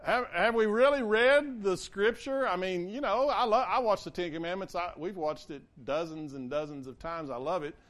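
A man's voice: high voice, normal speed, few pauses. A man preaching a conversational sermon, acting out the quotes he reads. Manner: conversational, animated, acts out quotes. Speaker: pastor.

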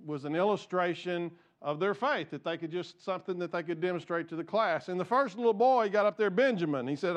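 A man's voice: high-pitched, fairly quick, hardly any pauses. A male pastor preaching a conversational, jokey sermon and asking his congregation questions.

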